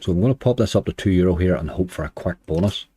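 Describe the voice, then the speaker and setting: A slots streamer with a low, warm, husky voice talks quickly through casual commentary on his gameplay. He chats, mutters to the game, and cheers it on. The studio-quality recording has no room sound.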